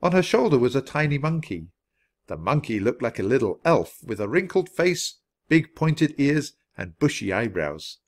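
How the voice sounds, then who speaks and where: A man reading a children's chapter book aloud with expressive storytelling. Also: mid-range voice, normal speed. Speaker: storybook reader.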